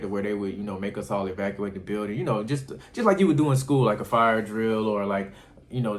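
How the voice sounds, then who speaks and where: A young man casually telling a personal story in a slangy, profane way. He keeps calling the listener "bro" and jumps way up in pitch when he acts out his own shocked reactions.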